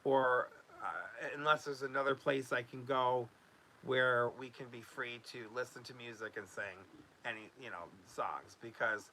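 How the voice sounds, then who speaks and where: A man chats loosely to his viewers from home, full of "um"s and restarts as he drifts between updates. His voice is bright and pushed forward, with a middling pitch. It sounds like an easygoing vlog update. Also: a little slow, slight background noise. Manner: rambling, loose, with many fillers and restarts. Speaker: YouTube host.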